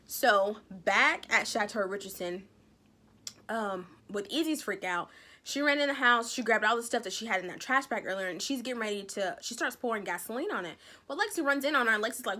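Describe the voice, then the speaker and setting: A woman giving a casual recap of a TV episode, retelling the plot with animated storytelling and acting out what the characters say. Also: mid-range voice. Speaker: TV recap vlogger.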